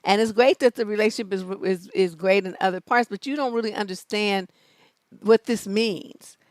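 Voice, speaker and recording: A woman's voice: medium pitch, moderate pace, a little mellow, no room sound. A woman hosting a relationship advice show, scolding and emphatic, with plenty of swearing. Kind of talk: blunt live advice show.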